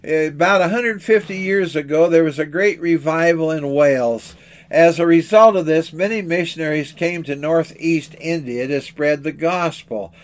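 A man preaching a sermon in an earnest, measured way, asking rhetorical questions. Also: fairly high pitch.

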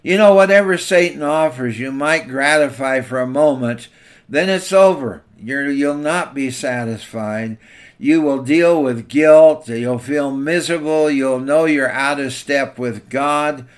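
A man's voice: mid-range voice, unhurried. A man preaching a sermon in an emphatic, exhorting way.

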